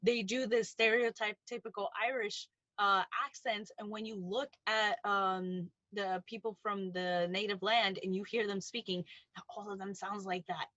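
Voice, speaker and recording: An American woman co-hosting a podcast in excitable casual chat. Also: mid-range voice, moderate pace, no echo, lo-fi sound. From United States. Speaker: podcast co-host.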